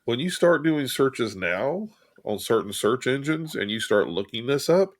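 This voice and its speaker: Earnest guy on a podcast, mid-pitched, dry close mic, leans on his words. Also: very animated, measured pace, no room sound. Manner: earnest, emphatic, repeats himself for stress. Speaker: podcast co-host. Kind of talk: casual conversational chat.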